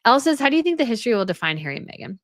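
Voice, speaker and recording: A woman's voice: fairly high pitch, sing-song, very fast, a bit bright, dry recording, studio quality. A woman hosting a live stream, reading viewer comments aloud and chatting casually, often restarting and repeating phrases. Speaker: host of a royal news live stream.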